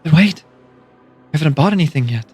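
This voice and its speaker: A man's voice: on the high side, expressive, brisk, darkish tone, breathy edge, faint music behind, pitched above the performer's own voice. A man voicing a cheerful old woman street trader who chats away in upbeat sales patter while reading a story aloud. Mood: eager. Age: older.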